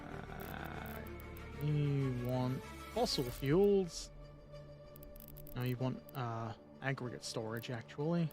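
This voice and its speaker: A man's voice: medium pitch, huge pitch swings, slow pace, vocal fry, over music. A man casually commenting while playing a video game, rambling and joking to himself as he goes. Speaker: gaming video host. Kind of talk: casual let's-play commentary.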